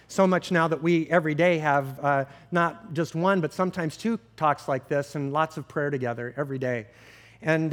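Male pastor, middle-aged, slightly higher voice, candid and self-mocking storyteller. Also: fairly bright tone. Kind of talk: sermon.

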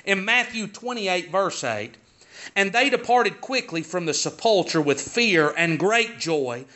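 A man's voice: fairly high pitch, pushed and bright, highs cut off. A man preaching a sermon in a folksy style, asking the congregation pointed rhetorical questions. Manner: folksy, rhetorical questions, rising to emphatic peaks.

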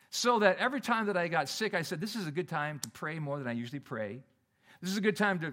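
A middle-aged man delivers a sermon as a pastor, talking to the congregation as if he were chatting with them. His voice sits somewhat high and lifts and drops sharply for emphasis. He often stumbles and starts his phrases over. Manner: conversational, animated preaching with restarts.

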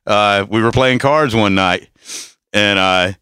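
A man's voice: fairly low pitch, slow pace, pushed and bright, clean tone, dry recording, studio quality. A man telling profane stories in casual chat, often laughing as he talks. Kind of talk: casual storytelling.

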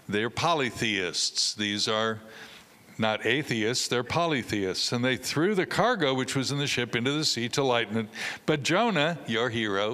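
Man, preacher, lively storytelling sermon, bright crisp voice, long hall reverb. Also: mid-range voice. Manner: animated storytelling, acts out voices with humor.

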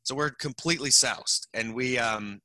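A young man tells a long, rambling story full of fillers, often laughing as he goes. His voice is very bright and forceful. The sound is dry and close, with no room echo. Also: medium pitch, moderate pace. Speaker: guest storyteller. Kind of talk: casual anecdote telling.

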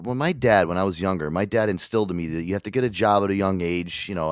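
A brash man holding forth on a casual podcast, cursing freely as he rants. He talks very quickly in a lowish voice. The sound is close and dry, with no room around it. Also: no echo. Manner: brash, swears a lot, rants. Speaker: podcast host. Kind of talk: casual chat.

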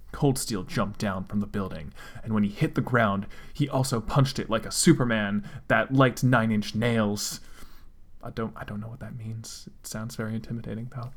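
A man dramatically reading fan fiction aloud, with deadpan asides. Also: fairly low pitch, moderate pace. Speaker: comedic fanfic reader.

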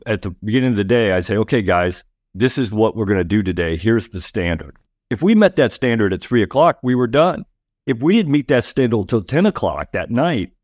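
A man's voice: lowish voice, a little mellow, dry recording, clean studio sound. A man in his sixties, a guest on a talk show, speaking firmly and emphatically about leading people, repeating himself to drive a point home. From United States. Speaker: guest, retired army officer. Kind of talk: conversational talk on leadership.

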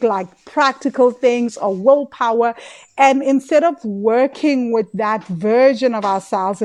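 Woman, animated money-mindset coach, chatty and emotive, a touch high. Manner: animated, emotive, acts out inner voices. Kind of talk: casual podcast talk.

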